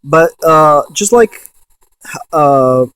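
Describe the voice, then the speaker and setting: A man in a ghost box session vlog, excitedly calling out to spirits and swearing when he insists to viewers. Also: on the high side, very slow, smooth, no room sound. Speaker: paranormal investigator.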